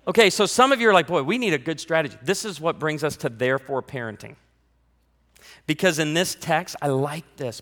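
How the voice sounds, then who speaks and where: A man preaching a sermon, telling humorous family stories in an animated way and bursting into loud acted quotes. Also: on the high side, in a large hall. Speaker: pastor.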